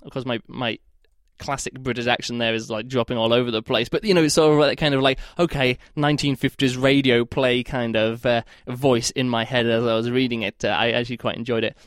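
A man's voice: medium pitch, level tone, brisk, clear, resonant tone, dry recording, studio quality. Rambling man casually reviewing a book. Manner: rambling, hesitant, full of "like" and restarts.

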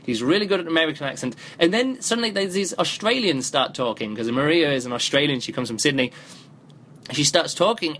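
A man's voice: fairly high pitch, a bit bright, slight background noise. A man hosting a podcast, giving a casual spoken review of a book, thinking aloud with many restarts, recorded on a phone.

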